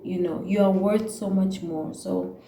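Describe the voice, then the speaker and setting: A woman's voice: mid-range voice, steady tone, unhurried, warm tone, echoey room, slight background noise, low-quality recording. A young South African woman with a South African accent, ranting heartfelt and preachy to her viewers, mixing in Zulu words. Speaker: YouTuber. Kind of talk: emotional casual rant to camera.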